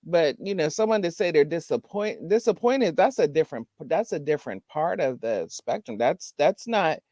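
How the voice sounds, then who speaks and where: High-voiced man, thinking out loud. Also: lively intonation, normal speed, dry recording. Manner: thoughtful, restarts and repeats his questions. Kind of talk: casual chat.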